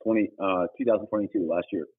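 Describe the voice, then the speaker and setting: A middle-aged man, a missionary guest, giving an earnest, preachy personal testimony that breaks into sudden emphatic high bursts. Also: fairly even intonation, fast talker, slightly rough. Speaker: guest, humanitarian missionary leader. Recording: tinny phone-like audio.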